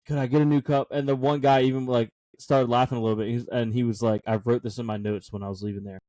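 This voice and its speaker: A man's voice: medium pitch, flat delivery, fast, warm tone, no echo. A young man co-hosting a casual podcast, telling a self-deprecating story and laughing often. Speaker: podcast co-host.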